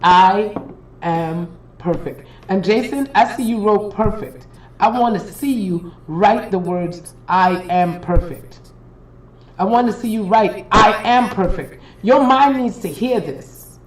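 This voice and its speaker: A woman's voice: medium pitch, takes it slowly, a little hiss or hum, low-quality recording. A woman hosting a live stream, giving an emphatic, preachy and profane motivational pep talk straight to her viewers. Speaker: spiritual reader and live-stream host.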